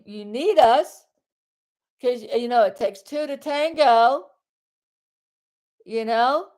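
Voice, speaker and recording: Loud ranting woman from South Florida. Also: high voice. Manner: loud, rambling, exasperated rant with bursts of yelling. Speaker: live streamer. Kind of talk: ranting live stream. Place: bedroom.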